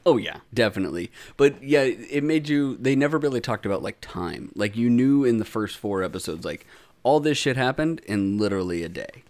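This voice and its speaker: A tired man recapping a show with a friend in casual chat, laughing often, swearing freely and acting out characters in squeaky voices. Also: animated, brisk, a little mellow. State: tired, drinking. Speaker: podcast co-host.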